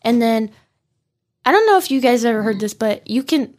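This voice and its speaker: A woman's voice: fairly high pitch, lively intonation, normal speed. A young woman chatting casually as a podcast guest, with many fillers and a loose, chatty manner. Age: young adult.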